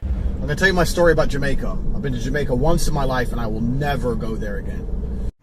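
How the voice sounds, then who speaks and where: A man's voice: medium pitch, fast talker. A man telling a boastful, profane story in a brash, swaggering way. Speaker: storyteller in a played clip. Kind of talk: boastful anecdote. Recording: noisy clip audio.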